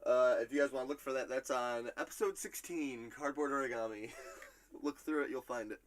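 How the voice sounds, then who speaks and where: A man's voice: medium pitch, moderate pace, slight background noise. A man hosting a casual podcast quiz, reading quotes aloud and laughing often. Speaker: quiz host.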